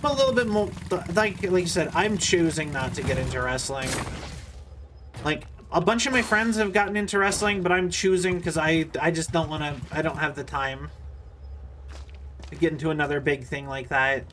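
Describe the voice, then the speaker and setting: High, bright-voiced male streamer rambling. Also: moderate pace, a little hiss or hum. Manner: rambling, stammering restarts; self-deprecating storyteller. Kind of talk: casual chat while gaming.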